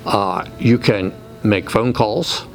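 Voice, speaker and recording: A middle-aged man who works as a Catholic policy advocate, giving measured, deliberate interview answers with frequent pauses, recorded indoors at a state capitol. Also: fairly low pitch.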